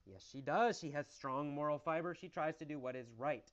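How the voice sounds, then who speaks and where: Male English teacher, lively storytelling delivery, answers his own questions, slightly muffled lo-fi recording. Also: a little high, fairly quick. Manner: animated, exaggerated storytelling with repeated questions and answers.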